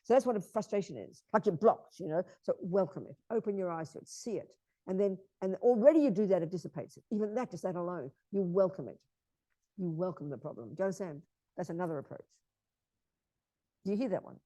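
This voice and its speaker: A woman's voice: on the low side, animated, fast talker, mellow, no echo. A woman teaching Buddhism in an emphatic way, repeating key phrases and often asking her listeners if they understand.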